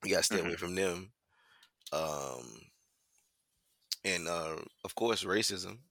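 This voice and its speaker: A man co-hosting a podcast, talking in a loud, joking, rowdy way. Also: low voice, expressive, a little slow, vocal fry, no echo. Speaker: podcast co-host. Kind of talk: casual chat.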